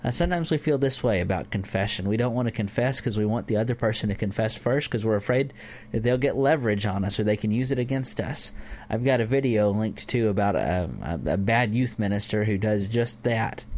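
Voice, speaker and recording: A man's voice: on the low side, a little fast, a little mellow, slight background noise. A man teaching a conversational Bible lesson to a church group, informal with fillers. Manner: informal, with fillers and acted-out examples.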